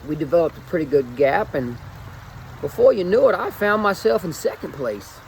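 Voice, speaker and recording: A man's voice: on the high side, very animated, moderate pace, gravelly, a little hiss or hum, low-quality recording. A man in his forties, a fitness coach, telling a rambling, self-mocking story in a put-on Cajun accent. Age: 40s. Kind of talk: casual storytelling video.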